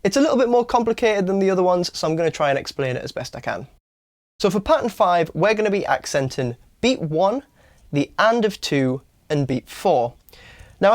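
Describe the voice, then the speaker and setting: A man giving an online guitar lesson, explaining strumming step by step and counting beats aloud slowly, with a guitar played between his words. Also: fairly high pitch. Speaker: guitar teacher. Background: acoustic guitar strumming.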